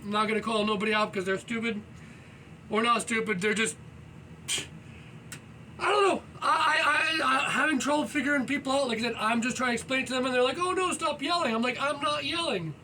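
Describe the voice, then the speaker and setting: A man with a very high, bright voice talks loudly and energetically, rambling through casual motivational thoughts while he stretches and moves around at home. He leans on "you know" constantly. He sits well away from the mic, with faint noise behind him. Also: fairly even intonation, brisk, long pauses, recorded from a distance, rough recording. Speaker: fitness vlogger. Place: indoors at home, low ceiling.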